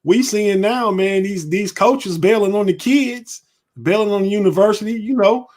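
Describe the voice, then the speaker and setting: A man's voice: high voice, moderate pace, a little mellow. A man co-hosting a sports podcast, talking in a laid-back, colloquial way and often repeating words. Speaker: podcast co-host. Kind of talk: casual sports chat.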